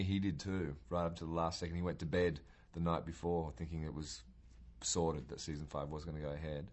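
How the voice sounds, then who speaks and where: Deep-voiced man reflecting in an interview. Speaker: cast member.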